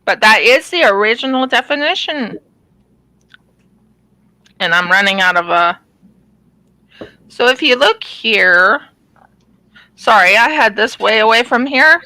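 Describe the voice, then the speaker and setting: Woman craft host rambling along, kinda high voice, dry sound. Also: sharp tone, no echo, rough recording. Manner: rambling, chatty, many ums and restarts. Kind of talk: casual chat while diamond painting.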